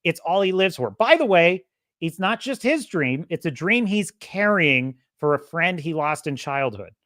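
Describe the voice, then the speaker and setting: With a lowish voice captured in echo-free, studio-quality sound, a woman hosting a podcast rants sarcastically and casually about her opinions. She's animated, alternating loud and soft, laughing often and mimicking characters.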